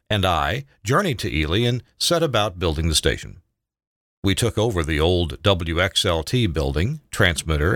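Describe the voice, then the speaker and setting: An older man reading his own memoir aloud in a measured, reflective way. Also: deep voice, a bit bright, dry recording, studio quality.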